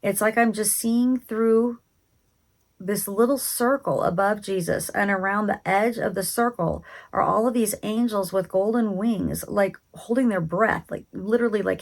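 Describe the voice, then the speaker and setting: A woman slowly and reverently recounting a spiritual vision in the present tense. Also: mid-range voice, gravelly. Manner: slow, hushed and reverent.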